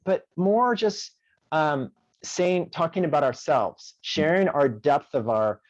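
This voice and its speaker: A man's voice: on the high side, takes it slowly, dry recording, muffled recording. A man working as a conflict mediator, talking in an interview and telling stories animatedly, acting out the voices of the people he quotes. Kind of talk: conversational interview.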